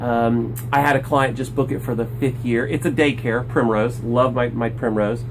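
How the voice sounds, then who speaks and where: A man in a casual vlog, telling a lively story inside a small playhouse, acting out the people he quotes and joking about himself. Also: medium pitch, normal speed, background noise. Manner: animated, acts out quotes, self-deprecating jokes. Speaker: playhouse builder and rental owner.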